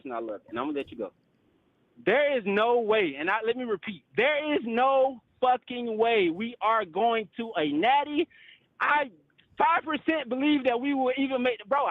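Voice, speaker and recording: A man's voice: very high voice, no room sound, phone-quality sound. A male caller on a call-in show, ranting in frustration, swearing and repeating "bro" and "literally.". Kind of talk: heated call-in rant.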